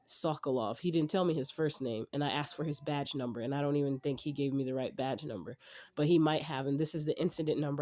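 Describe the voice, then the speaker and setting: A woman's voice: sits low, mellow. A woman venting casually to camera in a rambling, frustrated way, swearing often and restarting her sentences. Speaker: vlogger.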